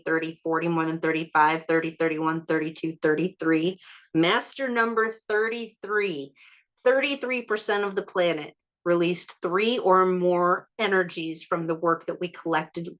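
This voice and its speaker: A woman leading a group healing session. She speaks in slow, prayerful invocations and counts through numbers aloud. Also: fairly low pitch. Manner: soft, prayerful, slow invocations with warm laughter. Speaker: spiritual healing session leader.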